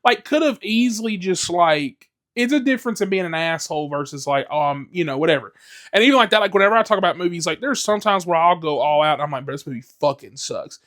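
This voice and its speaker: A man's voice: high voice, expressive, fast, a bit bright. A young man hosting a casual solo podcast, rambling with many fillers, restarts and frequent swearing. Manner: rambling, filler-heavy, swears freely, self-interrupting. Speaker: podcast host.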